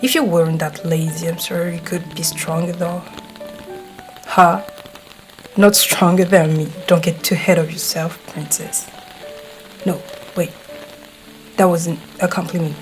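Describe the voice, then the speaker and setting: A brash, swearing teenage boy, voiced by a woman, talks straight to the listener in an audio role-play, his tsundere bluster slipping into fluster. The delivery is slow and drawn out, in a lowish voice. Faint music plays softly behind him. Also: steady tone, lightly acted, poor audio. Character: gruff hot-tempered teenage boy classmate. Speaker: voice actor.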